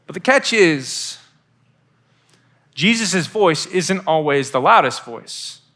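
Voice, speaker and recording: A man in his thirties giving a youth sermon, telling stories in a lively way and acting out voices on the phone. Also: on the high side, takes it slowly. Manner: animated storytelling with acted-out phone voices. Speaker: youth pastor.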